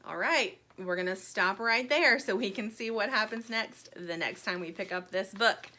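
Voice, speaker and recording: A woman reading a children's chapter book aloud in an expressive, friendly storytelling manner. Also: mid-range voice, moderate pace.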